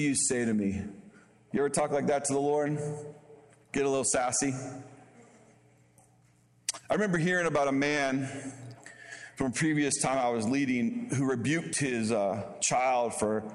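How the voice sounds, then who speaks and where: A man's voice: normal speed, pauses often, big-room sound. A man preaching a sermon as a guest pastor, casual and conversational, jumping into bold acted-out voices. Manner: animated, acts out bold voices with sharp pitch jumps.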